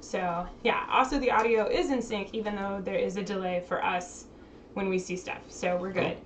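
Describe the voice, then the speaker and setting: A woman's voice: medium pitch, steady tone, moderate pace, a little hiss or hum, low-quality recording. A woman hosting a casual live stream from home, chatting and laughing while fixing technical problems. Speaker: streamer host.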